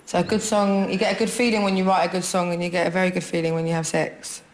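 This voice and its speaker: A woman's voice: lowish voice, level tone, fast, a little hiss or hum. A young woman from London with a Cockney accent, answering interview questions casually, giggly and hesitant with many fillers. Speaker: guest. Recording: echoey room.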